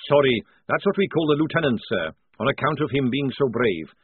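A man's voice: medium pitch, animated, a little fast, slightly rough, voice pushed up. A man voicing a crafty, knowing old army sergeant with sly, conspiratorial soldier talk in an audiobook. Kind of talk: audiobook character voice. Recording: tinny, dry, phone-like sound.

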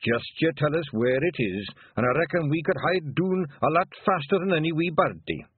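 A man's voice: fairly high pitch, lively intonation, normal speed, a little hiss or hum, pitched above the performer's own voice, natural voice. A man doing a simple Scottish pixie. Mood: earnest. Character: simple-minded male pixie holding flowers. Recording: dry tinny phone-like sound.

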